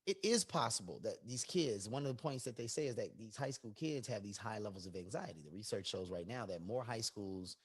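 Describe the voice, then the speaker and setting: Chicago male co-host with a lively, swinging delivery, profane and animated. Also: fairly low pitch, brisk, few pauses, husky. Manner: animated, profane, rising to near-shouts when riled up. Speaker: podcast co-host. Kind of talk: casual chat.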